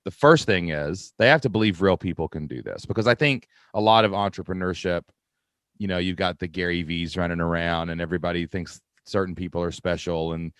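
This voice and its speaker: Man from Kentucky, podcast host, low voice, dry recording, chatty with laughs. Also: a little fast, a bit bright, no room sound. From Kentucky, USA. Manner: chatty, laughs often, lots of "like" and "right?". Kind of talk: podcast interview.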